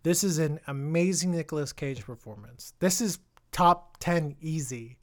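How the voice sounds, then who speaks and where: A man co-hosting a podcast, chatting casually about a movie and trailing off into restarts and sudden animated bursts. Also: a little high, measured pace. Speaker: podcast co-host. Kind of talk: casual film review chat.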